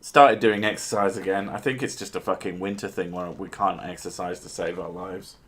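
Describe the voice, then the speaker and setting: A man's voice: deep voice, steady tone, moderate pace, fairly bright tone, slightly rough. A man hosting a podcast, trading crude jokes in casual chat. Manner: crude, joking banter with bursts of silly voices. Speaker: podcast host.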